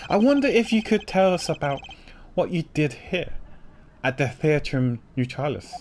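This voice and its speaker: A man reading the lines of a stern male prosecutor questioning a suspect in a video game, formal and measured. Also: on the high side, big pitch swings, darkish tone, a little hiss or hum, voice pushed up.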